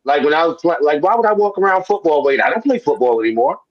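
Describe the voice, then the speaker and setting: A man's voice: on the high side, sing-song, fast, lo-fi sound. A man co-hosting a casual sports chat, easygoing and moving the talk along. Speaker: show co-host.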